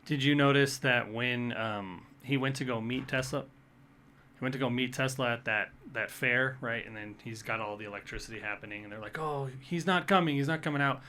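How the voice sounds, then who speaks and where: A man co-hosting a casual podcast, his voice bright and forward. He talks in a laid-back way, stringing thoughts together loosely. A faint hum of noise sits behind him. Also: medium pitch, steady tone, moderate pace. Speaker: podcast co-host. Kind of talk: casual chat.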